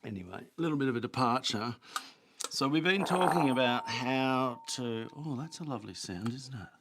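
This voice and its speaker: A man's voice: animated, normal speed, very noisy. A man hosting a casual livestream, chatting in a rambling, loose way to his viewers. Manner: rambling, chatty, talks to his dogs in a high baby voice. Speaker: livestream host.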